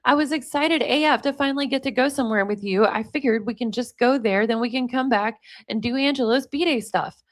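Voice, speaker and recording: A woman reading out the texts of a needy, anxious young woman pleading with her boyfriend, in her own plain, fairly high voice. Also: fairly quick, few pauses, natural voice. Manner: pleading, repetitive.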